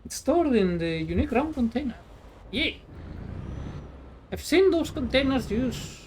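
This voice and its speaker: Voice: high voice, sing-song, moderate pace, darkish tone, a little hiss or hum. Rambling, sarcastic streamer. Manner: rambling, sarcastic, swears freely. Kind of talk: casual gameplay chat. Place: at home, playing a truck game.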